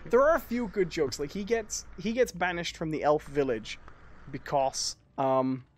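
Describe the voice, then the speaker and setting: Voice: mid-range voice, expressive, measured pace. A stream co-host chatting casually in a hesitant, filler-heavy way. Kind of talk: casual live-stream chat.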